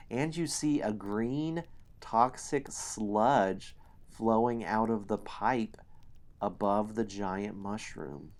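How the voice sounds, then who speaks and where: A man hosting a solo tabletop game stream, narrating the story slowly and explaining the game sheets. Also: on the low side.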